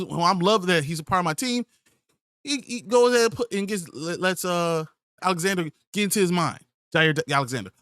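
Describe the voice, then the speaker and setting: A man's voice: high-pitched, sharp tone, dry recording, studio quality. A man hosting a sports podcast, ranting in an exasperated, profane way at his team's players. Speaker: podcast host.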